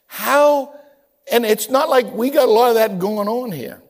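A man preaching a sermon as a pastor, telling stories in an animated way and often repeating words as he stumbles. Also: very high voice, unhurried.

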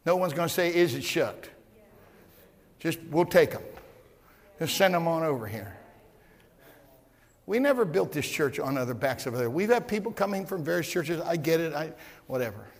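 A man preaching a sermon as pastor, shouting at times and repeating words as he builds. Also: a little high, lively intonation, normal speed, long pauses, long reverb tail. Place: church.

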